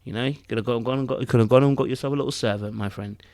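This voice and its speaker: A man's voice: medium pitch, steady tone, racing, a little mellow, no echo, clean studio sound. A man co-hosting a casual review podcast, thinking aloud with rhetorical asides and frequent restarts. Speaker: podcast co-host.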